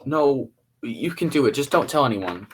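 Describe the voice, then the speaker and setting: A man's voice: medium pitch, expressive, moderate pace, slight background noise, natural voice. A man playing a nervous, desperate casting director who is polite to actors but pleads and frets, speaking over a video call. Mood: appalled. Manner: polite, then pleading and exasperated.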